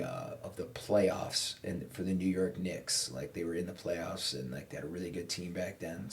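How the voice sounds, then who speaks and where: Lively low-voiced man telling a story. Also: slight background noise. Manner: animated storyteller who acts out quoted people. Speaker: podcast guest. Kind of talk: casual storytelling chat.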